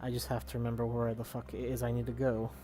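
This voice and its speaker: A man's voice: mid-range voice, completely flat delivery, fast, over music. A man hosting a let's play, giving rambling, casual gameplay commentary with the odd swear.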